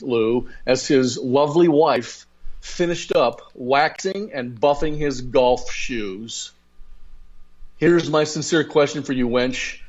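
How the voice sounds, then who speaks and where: A man's voice: medium pitch, darkish tone. Man, talk radio host, folksy storyteller, rambling, slightly muffled audio. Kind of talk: conversational talk radio commentary.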